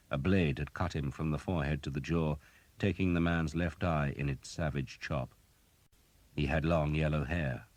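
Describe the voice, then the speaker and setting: A man narrating an audiobook in a measured, even storytelling manner. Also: rumbling low, dry recording. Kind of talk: scripted narration.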